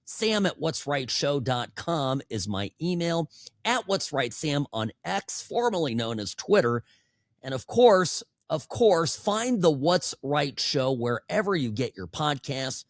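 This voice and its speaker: Male talk host, lively sarcastic delivery, restarts and repeated words, higher voice, dry close mic. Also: unhurried, dry recording. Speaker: podcast host. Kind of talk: political talk show monologue. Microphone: studio microphone.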